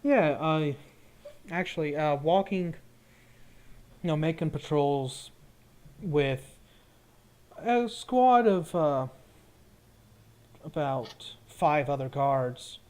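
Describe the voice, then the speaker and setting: A man's voice: fairly high pitch, expressive, drawn-out words, pauses often, a little mellow. A man narrating as game master, describing scenes in a loose, rambling way with many restarts.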